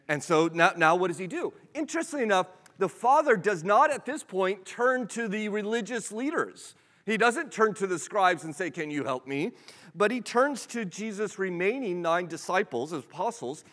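Male pastor, slightly higher voice, chatty sermon with rhetorical asides, long hall reverb. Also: fairly bright tone. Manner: conversational, asks the listeners rhetorical questions; often repeats words as he restarts.

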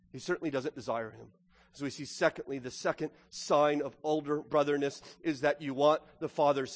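A man with a high-pitched voice preaching a sermon, animated and expressive, swinging between loud, urgent passages and hushed ones and acting out the lines he quotes. His voice rings out with a long reverb, as in a church sanctuary. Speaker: pastor.

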